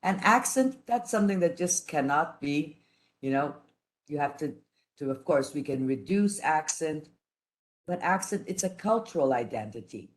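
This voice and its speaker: Woman lecturing slowly with restarts. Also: sits low, lively intonation. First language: none, raised trilingual. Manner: careful, halting delivery with many restarts and pauses. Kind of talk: online lecture.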